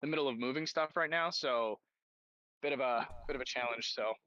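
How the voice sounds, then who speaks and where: Bright man on a dull, dry mic. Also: medium pitch, fairly quick, dry recording. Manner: friendly, rambling with fillers. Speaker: professional voice actor. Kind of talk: casual self-introduction. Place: outdoors on a street.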